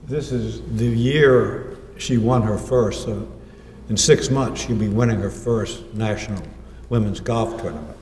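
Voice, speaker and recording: A man gives an author's talk, trading anecdotes and quoting others in his own voice. His tone is dark and mellow. He is heard from a distance in a roomy, echoing hall. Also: on the low side, measured pace, slight background noise. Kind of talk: lecture with slides. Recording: echoey hall, mic far off.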